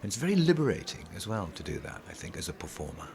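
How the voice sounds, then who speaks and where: A middle-aged man, a pantomime actor, telling animated, rambling stories in an interview, full of restarts. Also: low voice, fast talker, vocal fry. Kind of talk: casual interview storytelling.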